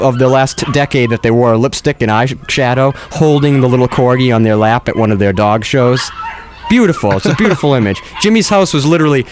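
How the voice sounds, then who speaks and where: A man's voice: mid-range voice, slight background noise. Rambling mock-earnest male podcast host. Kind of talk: rambling comedic monologue.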